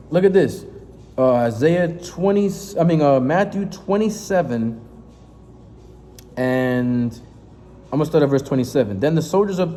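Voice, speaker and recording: A man's voice: fairly high pitch, mellow. Fiery, confrontational man preaching. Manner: confrontational and emphatic, profane asides, frequent "right?". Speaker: street preacher. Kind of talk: fiery scripture-reading sermon. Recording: reverberant space with faint noise.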